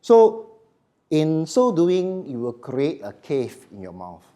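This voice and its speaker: A man's voice: on the high side, wildly swooping pitch, takes it slowly, dark tone. A middle-aged man giving a live voice workshop in short, emphatic phrases, often checking in with the audience. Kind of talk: live seminar lecture.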